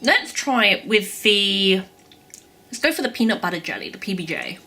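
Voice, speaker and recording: A woman's voice: medium pitch, big pitch swings, moderate pace, pushed and bright. A young woman chatting through a casual taste-test vlog, describing the food as she eats it. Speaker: food vlogger.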